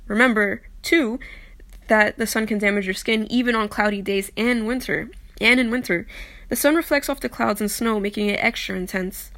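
A woman's voice: mid-range voice, normal speed, a bit bright. A young woman in casual vlog talk, chatty and self-deprecating, often stumbling as she reads aloud. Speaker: vlogger. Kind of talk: casual chat, reading aloud.

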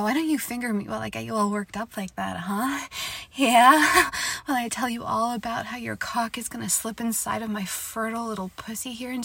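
Breathy, higher-pitched woman in intimate role-play. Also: no echo. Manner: soft, affectionate, often laughing between phrases; drops into breathy whispers at times. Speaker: audio role-play performer.

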